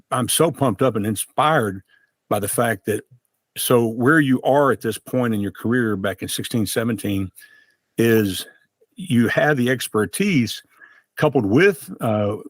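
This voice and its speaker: A man hosting an interview podcast, speaking in a slow, reflective and encouraging way. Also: on the low side, no room sound, studio quality. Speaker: podcast host. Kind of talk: casual interview chat.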